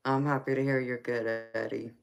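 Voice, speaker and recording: Slow-drawling Southern woman on a live stream. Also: a bass voice, creaky. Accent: Southern American (Georgia). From Southern US, Georgia. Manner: laid-back, slow drawl, laughs often, calls viewers honey and baby. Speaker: tarot reader hosting a live stream. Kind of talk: casual live-chat reading out viewer comments.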